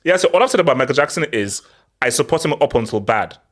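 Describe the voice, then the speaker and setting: A young man co-hosting a casual football chat show, animated and laughing, often repeating himself. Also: medium pitch, fast. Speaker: podcast co-host.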